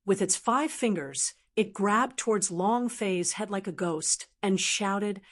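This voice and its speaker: A woman's voice: medium pitch, takes it slowly, few pauses. A woman steadily reading a fantasy novel aloud as an audiobook narrator. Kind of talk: scripted narration.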